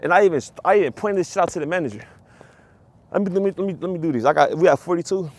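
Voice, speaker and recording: A man vlogging, telling a long story in a casual, profane and animated rant with lots of repetition. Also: sits high, very fast. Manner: profane, animated, repeats himself.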